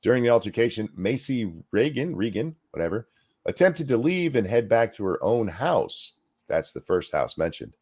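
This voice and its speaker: A man reads news stories aloud in a deadpan delivery, pausing for dry, sarcastic asides. His voice sits low, yet his pitch swings widely from phrase to phrase. The tone is casual podcast commentary. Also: slightly rough. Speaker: podcast co-host reading news.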